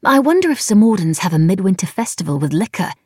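A woman's voice: mid-range voice, very animated, fast, a little mellow, husky, no room sound, studio quality. A woman reading the lines of a curious young noblewoman traveller in a musing, fond tone, as an audiobook character.

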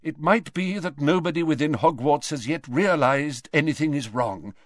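A man's voice: a little high, moderate pace, no echo, clean studio sound, pitched above the performer's own voice, lightly acted. A man doing a frail, commanding old wizard.

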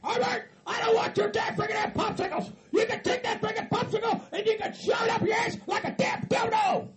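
A man voicing a paranoid, furious hillbilly who yells curses nonstop in a raspy, screeching voice. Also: extremely high pitch, animated, moderate pace, over loud music, pitched above the performer's own voice. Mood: ranting. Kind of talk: hobby comedy skit acting.

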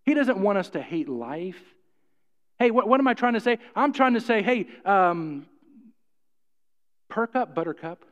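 A man's voice: high-pitched, very animated, a little slow, pauses often, a bit bright. A middle-aged man preaching a sermon to his congregation, folksy and jokey, often repeating himself and putting questions to the room. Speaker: pastor. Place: church hall. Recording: muffled, with long hall reverb.

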